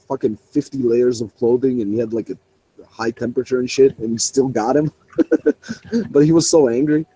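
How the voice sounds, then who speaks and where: A man's voice: mid-range voice, warm tone, slightly rough, low-quality recording. A young man swearing freely as he tells a rambling story in a casual online voice chat. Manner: profane, rambling, laughing.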